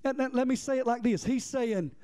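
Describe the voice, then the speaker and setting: A man with a strikingly high voice delivers a fervent sermon. He builds momentum through repetition, rising into shouts and pulling the congregation in with direct questions. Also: fairly quick, smooth. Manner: impassioned, rhythmic repetition, bursts into shouting. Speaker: preacher.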